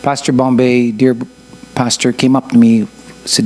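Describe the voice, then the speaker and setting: A man's voice: medium pitch, flat delivery, a little slow, a little mellow. A man in his fifties preaching a sermon as pastor of a church, often asking the congregation questions and adding joking asides. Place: church sanctuary.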